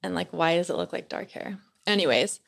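A woman's voice: lowish voice, brisk, gravelly. A young adult woman, a podcast guest, tells a story in a casual, chatty way and fills her speech with "like".

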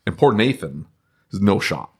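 A man's voice: sits low, very animated, moderate pace, darkish tone, husky. A man co-hosting a live podcast at a trade conference, asking direct questions and laughing at his own lines. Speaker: podcast co-host. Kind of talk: casual live podcast chat.

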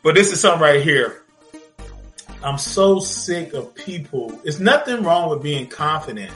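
A man's voice: on the high side, unhurried, faint music behind. A man co-hosting a podcast, venting in casual slangy chat with lots of repetition. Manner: animated, repetitive, slangy ranting. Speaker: podcast co-host.

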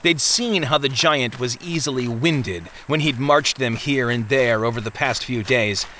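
A man's voice: mid-range voice, measured pace, sharp tone, a little hiss or hum. Man narrating a dramatic audiobook. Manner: dramatic, vivid storytelling. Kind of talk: scripted narration. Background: music.

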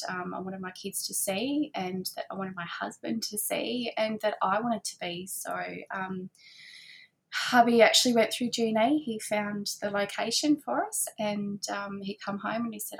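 A middle-aged woman, chatting casually as an interview guest, with lots of fillers and a husky voice. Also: mid-range voice. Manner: chatty, warm-hearted, many fillers and soft laughs. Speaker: guest, handmade boutique owner. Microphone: remote call.

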